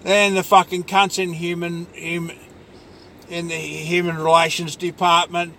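High-voiced man ranting angrily. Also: level tone, measured pace, bright, forceful tone, a little hiss or hum. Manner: angry, profane ranting with many fillers. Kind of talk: rambling personal monologue.

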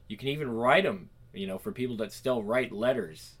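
A man's voice: mid-range voice, moderate pace, fairly bright tone, slightly rough. A man reading a comic aloud, with casual asides to listeners and a dramatic reading voice. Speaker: reader.

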